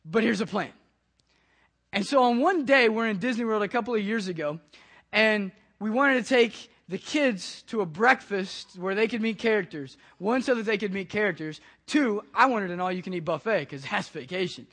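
A pastor delivers his sermon through a casual personal story. His voice sits high for a man, and he narrates with animated, chatty energy. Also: normal speed.

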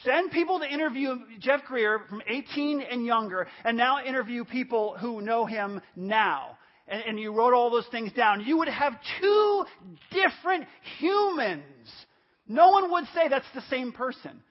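High-voiced emphatic male pastor in his fifties. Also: lively intonation, a little slow. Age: 50s. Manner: emphatic, repeats phrases for stress. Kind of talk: sermon. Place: church service. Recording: dull lo-fi church audio.

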